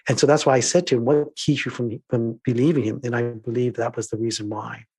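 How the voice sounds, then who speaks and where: A man's voice: mid-range voice, flat delivery, a little fast, husky. A man, a diversity trainer, telling stories thoughtfully in an interview and acting out exchanges from his workshops. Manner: thoughtful, acts out dialogue, shifts between soft and emphatic. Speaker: diversity trainer and filmmaker, guest. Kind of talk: reflective storytelling interview.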